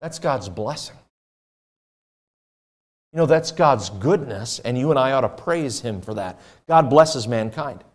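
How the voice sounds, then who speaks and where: A man's voice: medium pitch, animated, unhurried, long pauses. A man preaching a conversational sermon in a church auditorium, often putting questions to the congregation. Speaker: pastor.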